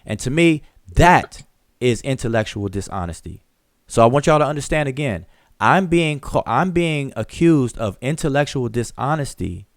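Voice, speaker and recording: A man's voice: medium pitch, no room sound. Emphatic man explaining, dry close sound. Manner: emphatic, repeats points to drive them home; explains step by step with examples. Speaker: teacher and channel host. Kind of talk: live open discussion.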